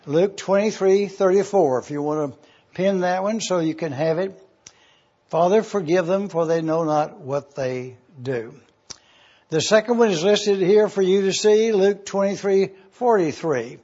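A man teaching a Bible class, measured and repetitive, repeating verse references so listeners can write them down. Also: sits high, warm tone. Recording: dull lo-fi classroom tape.

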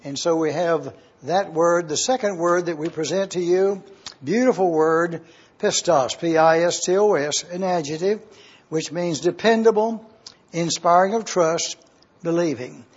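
A man teaching a Bible study, praying and then slowly spelling out Greek words letter by letter. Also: high voice, slightly rough, muffled recording. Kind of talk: Bible study lecture with opening prayer.

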